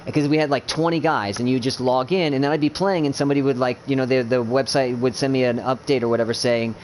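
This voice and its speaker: A man talking quickly in a loose, rambling chat about gaming, full of fillers, restarts and casual swearing. His pitch sits in an ordinary middle range. A faint hiss of background noise sits under his voice. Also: steady tone. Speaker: gamer streamer.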